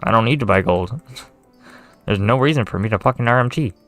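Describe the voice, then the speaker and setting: A man's voice: lowish voice, a little fast, a bit bright, soft background music. A man, a gaming video creator, ranting casually with lots of swearing, sarcasm and exasperation. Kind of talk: casual rant to camera.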